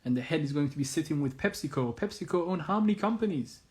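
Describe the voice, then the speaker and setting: Earnest male commentator with a somewhat high voice, pressing his point with repeated rhetorical questions. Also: expressive, fast talker, a little mellow. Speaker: Islamic commentator. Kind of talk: earnest monologue.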